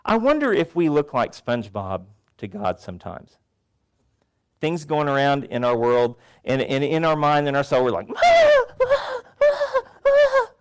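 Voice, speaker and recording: A man's voice: medium pitch, moderate pace, clear, resonant tone. A male pastor giving a sermon to a congregation, telling stories with animation. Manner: animated storytelling, acts out voices. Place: church before a congregation.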